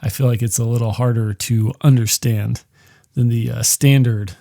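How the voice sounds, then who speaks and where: Male podcast host, profane and jokey, dry close mic, middle-pitched voice. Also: fairly even intonation, normal speed, gravelly, mellow, no echo. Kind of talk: casual movie review monologue.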